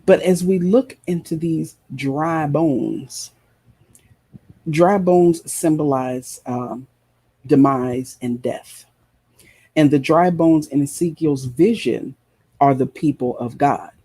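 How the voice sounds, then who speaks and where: A preacher delivers an emphatic sermon, driving his points home through repetition. His voice is husky and mellow, sitting a little higher than most men's. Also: slow. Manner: impassioned, emphatic, repeats phrases. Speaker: preacher and show host.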